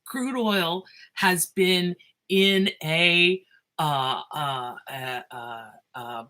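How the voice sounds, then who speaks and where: A woman teacher recording a casual video lesson on her phone. She is excitable and animated, interrupts herself often and keeps laughing. Her voice is bright and sits a little low. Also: extremely slow. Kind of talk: casual lecture video to students.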